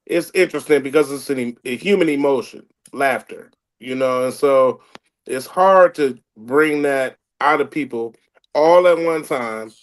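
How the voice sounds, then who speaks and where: Laid-back male comedian giving advice. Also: mid-range voice. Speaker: comedian guest. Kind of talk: casual chat, giving advice.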